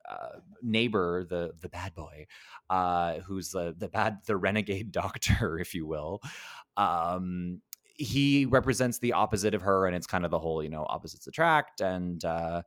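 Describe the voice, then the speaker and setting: A man's voice: low voice, normal speed, a bit bright, dry recording, clean studio sound. A man hosting a film podcast, chatting casually with fillers and frequent laughs. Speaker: podcast host. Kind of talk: casual film review chat.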